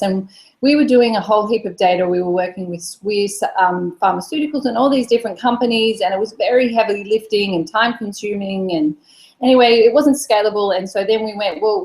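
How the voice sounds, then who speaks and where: A woman from Australia with an Australian accent softened by years in the UK, answering interview questions in a friendly, brisk way. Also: mid-range voice, echoey room, low-quality recording. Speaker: guest expert.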